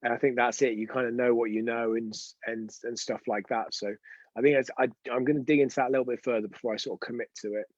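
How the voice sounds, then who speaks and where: A man's voice: medium pitch, steady tone, fast, no room sound, lo-fi sound. A man hosting an unscripted live stream, telling chatty, rambling anecdotes with frequent restarts. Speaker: host of a weekly live show.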